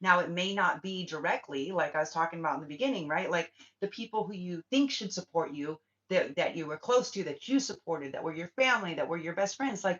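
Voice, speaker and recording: A woman's spiritual livestream carries her blunt, profane ranting in casual chat with viewers. She speaks on the low side, animated, a little fast and a bit bright, with hardly any pauses, and the audio is dull lo-fi.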